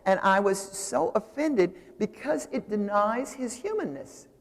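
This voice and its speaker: An older woman giving a lively, discursive seminary lecture while explaining at a drawing board. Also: medium pitch, unhurried. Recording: reverberant lecture hall.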